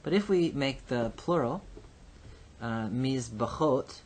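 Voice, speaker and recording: A man teaching a recorded Hebrew grammar lesson. He explains patiently and slowly, with frequent ums and uhs. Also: medium pitch, animated, darkish tone. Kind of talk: recorded lecture.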